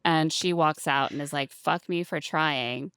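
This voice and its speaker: A woman's voice: deep voice, unhurried, fairly bright tone, clean tone, no room sound. A woman co-hosting a podcast, recapping a reality show in casual chat and acting out the quotes in shifting voices. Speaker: podcast co-host.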